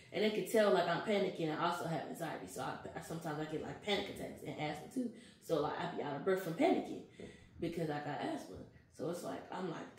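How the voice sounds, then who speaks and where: A woman's voice: low-pitched, fast. Young woman telling her story, slangy. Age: young adult. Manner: animated storytelling, slangy, acts out quotes. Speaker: interviewee. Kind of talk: casual street interview. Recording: echoey, with faint noise.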